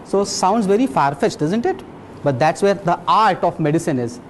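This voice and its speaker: Blunt, lively doctor lecturing. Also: male voice, sits high, normal speed, a little hiss or hum. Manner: lively, blunt, quizzes the audience. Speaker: physician lecturer. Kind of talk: medical lecture with storytelling.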